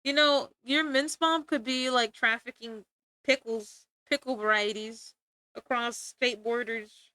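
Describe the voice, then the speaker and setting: A woman's voice: a little high, steady tone, measured pace, pushed and bright, smooth, dry recording. A young woman streamer chatting casually while drawing, rambling and giggling, with casual swearing.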